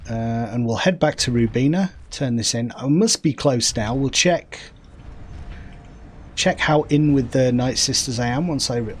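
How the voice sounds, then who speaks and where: Medium-pitched and carrying a little hiss or hum, this is a man streaming an online game, chatting and commenting casually. He's from the north of England, speaks in a Yorkshire-Lancashire accent, and rambles along thinking aloud with wry jokes.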